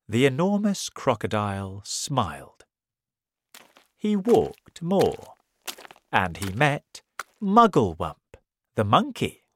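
A woman slowly reading a children's story aloud as an English lesson, clear and deliberate. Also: very deep voice, big pitch swings, no room sound, clean studio sound. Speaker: reader.

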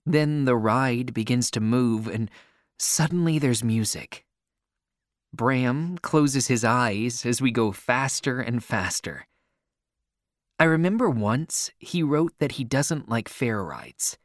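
A man reads a first-person story aloud without hurrying, animated and emotional, with lively movement in his pitch. The sound is close and dry, with no room sound.

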